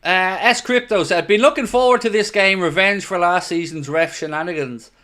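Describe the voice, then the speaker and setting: A man's voice: high-pitched, moderate pace, pushed and bright. A young Irish man hosting a football watchalong stream, chatting casually and reading out viewer comments. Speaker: watchalong host.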